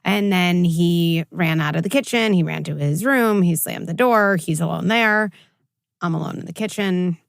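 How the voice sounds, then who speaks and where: Animated woman psychologist, dry close sound. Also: fairly low pitch, normal speed, vocal fry, dry recording. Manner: animated storytelling, acts out quoted voices. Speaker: clinical psychologist guest. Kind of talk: conversational interview.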